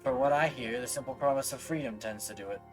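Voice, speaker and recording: A man voicing a grumbling low-born soldier from a game, reading in a rough, folksy, low-key manner. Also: fast talker, soft background music, close to an everyday voice. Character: grumbling common male soldier.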